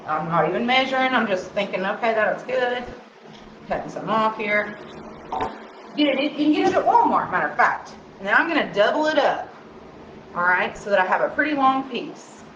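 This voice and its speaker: A woman's voice: medium pitch, fairly bright tone, slight background noise. Sing-songy woman in a roomy room. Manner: chatty, sing-songy, talks to herself while working. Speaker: craft tutorial host. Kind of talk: live craft demonstration. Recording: roomy, slightly dull sound.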